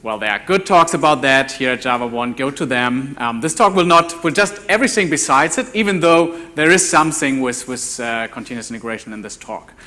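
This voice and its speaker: Speaking in a conference ballroom, this developer evangelist, a German man in his forties with a German accent, delivers a live talk. His mid-range voice is animated yet sharp, and his delivery stumbles with frequent restarts and repeated words.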